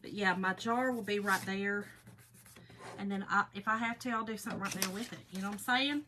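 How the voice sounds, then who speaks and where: A woman's voice: medium pitch, fairly quick, noisy background. A woman, hosting a casual craft livestream and chatting folksily with viewers while she works.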